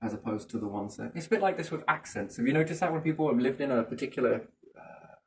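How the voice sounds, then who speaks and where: Guy thinking out loud, rambly, keeps going "isn't it?", sounds a little far off the mic. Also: mid-range voice, lively intonation, fast talker, slight background noise. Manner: rambling, musing, keeps asking rhetorical questions. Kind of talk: casual speculative chat.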